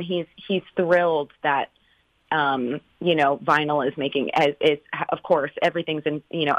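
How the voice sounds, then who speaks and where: A woman from Northern California, a stage actress, telling stories in an animated, chatty way during an interview. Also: sits low, no room sound, dull audio. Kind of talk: casual interview chat.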